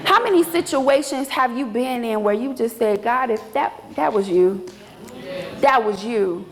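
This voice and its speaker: High gravelly woman preaching in a hall. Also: expressive, a little slow. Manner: emphatic preaching with dramatic repetition. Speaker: minister. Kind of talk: sermon. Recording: echoey hall with long reverb.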